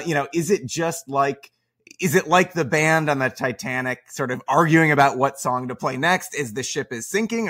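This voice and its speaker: Man, podcast host, casual interview chat, relaxed joking manner. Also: mid-range voice. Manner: relaxed, chatty, joking with guest.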